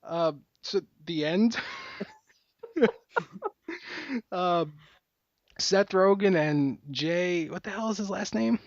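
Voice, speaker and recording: A man in his twenties riffs through a casual comedy podcast, his voice sitting a little high. He bursts into quick impressions of movie lines as he tells a story. The sound is dull and dry, with no room around it. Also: dry recording. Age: 20s. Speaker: podcast host.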